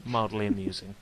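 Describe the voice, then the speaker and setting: A man hosting a livestream while he plays video games. He chats casually and jokes easily, and his voice is bright and crisp. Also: fairly low pitch, slight background noise. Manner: joking, easygoing. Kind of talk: casual chat.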